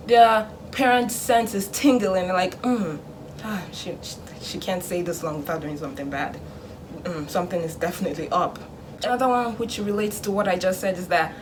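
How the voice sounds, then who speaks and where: A young woman vlogging in casual chat, animated, acting out her parents in a hushed voice. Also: mid-range voice, background noise.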